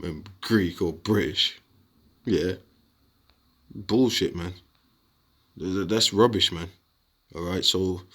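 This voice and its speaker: A young man talking casually to his viewers, animated and repetitive, calling them bro and man while making his case. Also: low voice. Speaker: online commentator. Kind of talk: casual rebuttal video talk.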